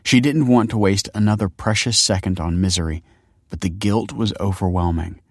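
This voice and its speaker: A man reading a novel aloud as narrator, in a measured and steady way. His voice is very deep. The recording is dry and close, with no room sound. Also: no echo. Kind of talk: scripted audiobook narration.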